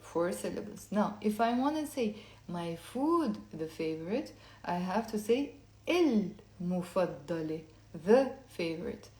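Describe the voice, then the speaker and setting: A woman giving a casual online language lesson, talking low-key and quiet late at night, explaining step by step and having listeners repeat words aloud. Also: expressive, unhurried. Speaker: Lebanese Arabic teacher. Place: indoor room at night. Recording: echoey room.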